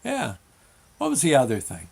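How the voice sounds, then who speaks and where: A man's voice: mid-range voice, huge pitch swings, gravelly, darkish tone, husky. Older man reminiscing with frequent chuckles. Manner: reminiscing, chuckling, halting restarts. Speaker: show host. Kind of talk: rambling storytelling monologue.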